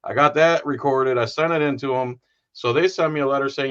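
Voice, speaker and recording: A mid-pitched man from Florida hosts a casual interview and tells his own story bluntly, hitting key words hard. His voice comes through dull, lo-fi stream audio. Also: fairly quick, a bit bright, smooth. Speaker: host.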